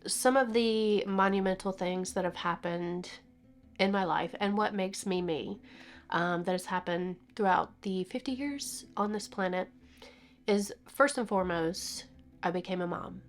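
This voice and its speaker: A woman's voice: medium pitch, a little slow, faint music behind. A woman in her fifties talking in a personal vlog, teary and sniffling, laughing and crying at once and dropping into whispers. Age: 50s. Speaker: vlogger.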